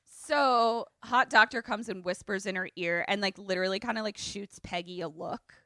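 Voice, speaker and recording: A woman co-hosting a podcast in casual chat, retelling a film as an animated, joking storyteller who swears freely, on a remote call. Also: mid-range voice, normal speed, no echo, clean studio sound. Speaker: podcast co-host. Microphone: remote call setup.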